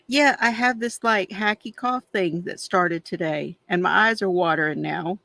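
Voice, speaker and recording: A woman's voice: fairly low pitch, takes it slowly, gravelly, long pauses, fairly bright tone, dry recording. A middle-aged woman hosting a craft livestream, chatting casually and confidingly while she colors, with frequent sighs. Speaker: craft channel host.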